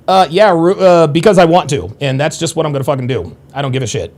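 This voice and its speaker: A man's voice: a little high, fast talker, darkish tone. A man hosting a live stream, reading out viewer comments and swearing freely as he answers them. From United States. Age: adult. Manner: profane, combative when angered.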